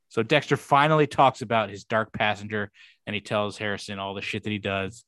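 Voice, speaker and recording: A man's voice: fairly low pitch, steady tone, fairly quick, a bit bright, no echo. A young man co-hosting a podcast, rambling through a show recap in casual chat, swearing freely and acting out quoted lines. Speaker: podcast co-host.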